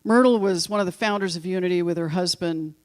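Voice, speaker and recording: A woman's voice: on the low side, quick pace, darkish tone. Woman minister, church sermon, storytelling, emphatic repetition, casual asides. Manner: conversational asides to the congregation. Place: church sanctuary.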